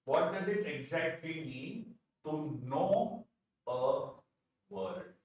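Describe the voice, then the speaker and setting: Echoey Indian English teacher lecturing. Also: male voice, a little high, lively intonation, drawn-out words, vocal fry, a little mellow, muffled recording. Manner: emphatic, repeats key phrases, asks and answers his own questions. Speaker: vocabulary teacher. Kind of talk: live online exam-prep lecture. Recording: very echoey room, distant from mic.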